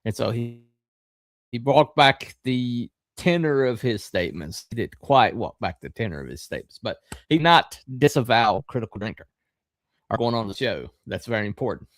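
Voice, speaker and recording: A middle-aged man hosting a podcast, talking in a rambling, halting way with lots of fillers and a wry, sarcastic edge. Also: mid-range voice, sing-song, no echo, clean studio sound. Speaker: podcast host. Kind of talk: casual live-stream commentary.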